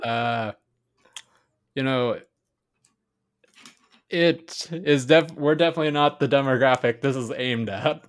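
A man's voice: medium pitch, takes it slowly, pauses often. A man co-hosting a casual podcast, ranting sarcastically about a movie, swearing often and rambling. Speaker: podcast co-host.

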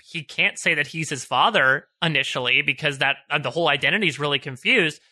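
A man's voice: fairly high pitch, a little fast, sharp tone. A man co-hosting a podcast, choked up and tearful, talking through a TV scene in an emotional, searching way. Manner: emotional, searching, restarts phrases. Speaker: podcast co-host. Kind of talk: casual discussion of a TV show.

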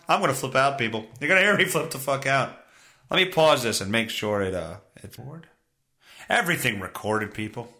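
A man's voice: medium pitch, pushed and bright. A man hosting a solo podcast, ranting in a sarcastic, profane way. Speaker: podcast host. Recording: roomy echo.

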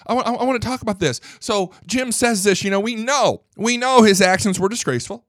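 Male talk host, high and bright voice, dry close sound, indignant ranting monologue. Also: animated, fairly quick, dry recording. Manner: indignant, ranting, swears freely; repeats and restarts words when worked up. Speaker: political commentary host. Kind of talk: opinionated political monologue.

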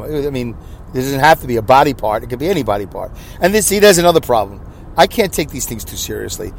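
A man's voice: mid-range voice, vocal fry, a little hiss or hum. A man in his sixties with a New York accent, hosting a solo podcast in a jokey, self-deprecating, rambling way. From Brooklyn, New York. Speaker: podcast host.

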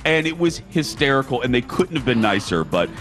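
A man's voice: mid-range voice, very animated, a little fast, a bit bright, faint music behind. A man co-hosting a live morning radio show from a hotel, chatting and telling stories with frequent laughs. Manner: chatty storyteller, laughs often. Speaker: radio co-host. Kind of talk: casual morning radio chat. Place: hotel lobby broadcast booth.

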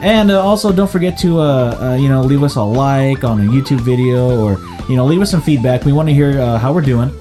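A young man co-hosting a casual podcast, his voice dark and mellow, sitting at an ordinary pitch. He rambles through stories, stacking up "like" and "you know", with faint music running underneath. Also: fairly quick, few pauses. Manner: rambling, filler-heavy storytelling. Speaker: podcast co-host. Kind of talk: casual chat.

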